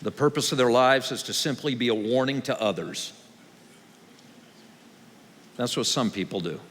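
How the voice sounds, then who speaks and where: A man's voice: medium pitch, lively intonation, normal speed, fairly bright tone, slight background noise. A male pastor giving a sermon, conversational and wry, building to raised, emphatic passages. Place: large church hall. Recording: long hall reverb.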